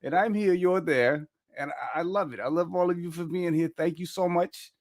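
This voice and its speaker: New York host, eager, stumbles over his words, voice a touch high. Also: normal speed, darkish tone. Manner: enthusiastic, stumbling restarts. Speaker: livestream host. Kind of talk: casual livestream chat.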